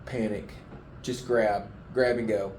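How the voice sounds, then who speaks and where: A man giving a heartfelt, halting testimony in an interview, his emotion showing as he speaks. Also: on the low side, steady tone, darkish tone, a little hiss or hum. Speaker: flood survivor giving testimony. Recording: roomy echoing room.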